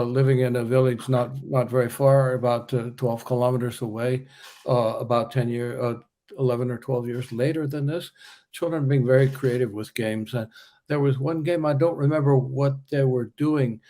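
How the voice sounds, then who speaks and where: Older man, interviewer, relaxed chatty questions, mid-pitched, easy pauses. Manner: relaxed and conversational, with filler pauses. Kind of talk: academic interview conversation.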